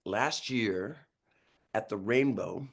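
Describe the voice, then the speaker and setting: A man in his sixties from New York, a guest musician telling road stories in a lively, rambling way with frequent chuckles and restarted sentences. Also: on the low side, slow, gravelly, slightly rough. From New York, USA. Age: 60s. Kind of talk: casual storytelling interview.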